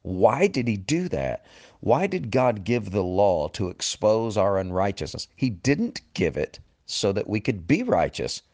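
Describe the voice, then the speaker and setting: A man delivering a sermon with a lowish voice. He is earnest and often sinks into a hushed, grave tone to drive a point home, speaking to the listener as a friend. The recording is dry and close, with no room sound. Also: big pitch swings, unhurried, no echo. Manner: earnest, often drops low and quiet for emphasis, addresses listener as friend. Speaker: preacher.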